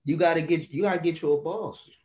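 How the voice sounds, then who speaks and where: A man with a northern US accent, co-hosting a casual chat in a teasing, animated way. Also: on the high side, fast talker. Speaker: podcast co-host.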